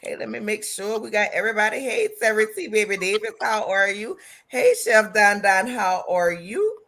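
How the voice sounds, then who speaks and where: A woman co-hosting a casual live stream, giving lively shout-outs to viewers in the chat. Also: mid-range voice, normal speed. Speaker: co-host of a live commentary stream.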